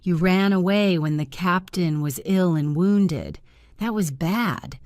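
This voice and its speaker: A woman reading the lines of a stern but caring male ship's doctor in a storybook, firm and measured. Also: on the low side, darkish tone, no echo, clean studio sound.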